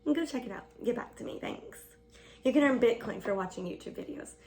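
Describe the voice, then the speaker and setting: A woman's voice: fairly high pitch, expressive, fairly quick, darkish tone. A woman in her twenties vlogging a casual get-ready-with-me chat, rambling and swearing, saying "like" a lot and laughing often.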